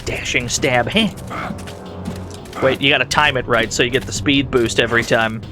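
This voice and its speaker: A man with a mid-range, steady voice streams a game at a moderate pace, offering casual, playful commentary. He laughs often and throws in mock-dramatic remarks while game music plays beneath him.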